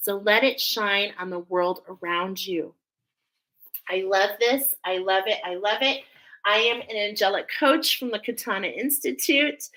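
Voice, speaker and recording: A woman's voice: mid-range voice, a bit bright, low-quality recording. A woman hosting a spiritual oracle card reading, talking effusively and often emotionally. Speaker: angel oracle card reader.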